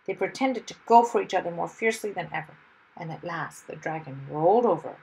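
A woman reading a children's story aloud in a lively, expressive way. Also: lowish voice, fairly quick, gravelly, husky, poor audio.

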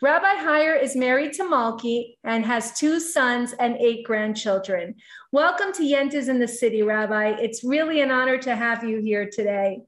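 A woman's voice: fairly high pitch, normal speed. A woman co-host reading out a guest's introduction, then chatting with admiration. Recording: echoey room.

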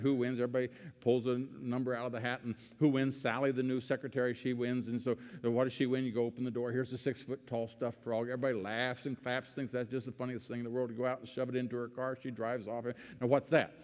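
A middle-aged man addresses a live audience with folksy anecdotes, slowing down to pause for effect. He builds to fervent, emphatic peaks. His voice carries with a long reverb through a large hall. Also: mid-range voice, a little mellow. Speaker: political speaker. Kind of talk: public speech to an audience.

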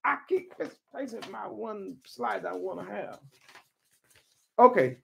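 A woman's voice: mid-range voice, expressive, slow pace, gravelly, a bit bright, slight background noise. A woman teaching from the Bible in an informal sermon style, emphatic, repeating key words and calling on listeners by name.

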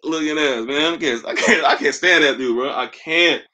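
A man with a fairly high, bright voice hosts a livestream, roasting people with loose, jokey trash talk. He talks casually and breaks easily into laughter. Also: moderate pace. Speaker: livestream host.

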